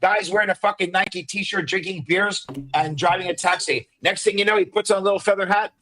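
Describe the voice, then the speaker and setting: A man in a heated online debate lectures the others, emphatic and profane. His voice sits somewhat high for a man. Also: steady tone, a little fast, bright, forceful tone, slight background noise, poor audio. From Afghanistan. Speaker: panelist.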